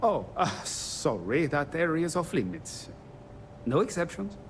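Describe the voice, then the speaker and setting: A man's voice: fairly high pitch, sing-song, a little slow, a little hiss or hum. An actor voicing a nervous, apologetic male starship engineer in a video game, stammering through his lines with lots of fillers. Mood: hesitant.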